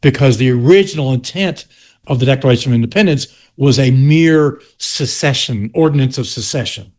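A man's voice: mid-range voice, a little fast, a little mellow. An older man from South Carolina with a Southern US accent, a history teacher explaining his argument in an interview with restarts and pointed asides.

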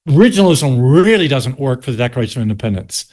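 A man's voice: mid-range voice, very animated, quick pace, darkish tone. An older man from South Carolina with a Southern US accent, a history teacher explaining his argument in an interview with restarts and pointed asides.

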